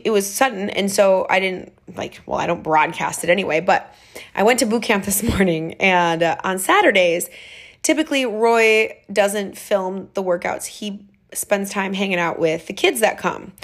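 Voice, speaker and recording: Woman podcast host chatting away at home, lively storyteller, mid pitch, laughs a lot. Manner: chatty and animated, laughs often. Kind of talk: casual storytelling.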